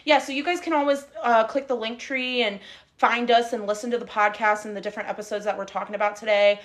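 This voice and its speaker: A young woman from the Middle East co-hosts a podcast in easy, rambling chat. She talks in a fairly high voice, full of fillers and quick laughs. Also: fairly even intonation. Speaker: podcast co-host. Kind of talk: casual chat. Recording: live stream, recorded together in a car.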